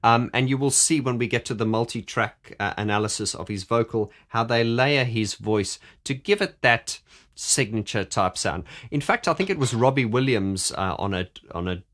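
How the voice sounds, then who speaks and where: A man talks through a singer's technique like a relaxed vocal coach. His voice sits in an ordinary middle pitch. He rambles, restarts his sentences often and now and then breaks off to sing a line as an example. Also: normal speed. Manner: rambling with many restarts, breaks into sung demonstrations. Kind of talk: casual analytical monologue about singing.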